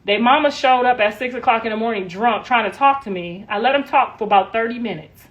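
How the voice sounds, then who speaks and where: A woman's voice: fairly high pitch, brisk, highs cut off. A middle-aged woman chatting casually on a livestream, laughing often, her voice worn out.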